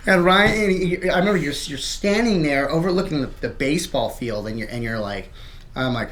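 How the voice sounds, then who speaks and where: A man's voice: a little high, animated, moderate pace, fairly bright tone, a little hiss or hum. A young adult man co-hosting a casual podcast, telling a profane story and acting out the quotes. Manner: laughing, profane, acts out quotes. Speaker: podcast co-host.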